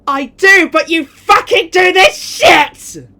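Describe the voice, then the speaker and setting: A man voicing a furious, bitter middle-aged mother who screams in high, strained bursts. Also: wildly swooping pitch, moderate pace, bright, forceful tone, heavily acted. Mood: screaming.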